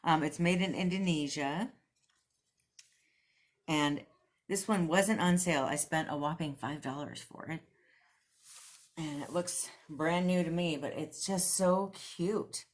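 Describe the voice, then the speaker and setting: A woman vlogger chatting casually and enthusiastically through a thrift haul and try-on, laughing often. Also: low voice.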